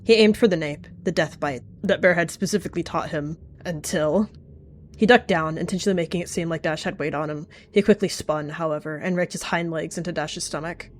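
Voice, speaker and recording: A woman's voice: deep voice, a little fast, slight background noise. A woman giving dramatic, vivid storytelling narration of a game roleplay. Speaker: channel host narrating a roleplay.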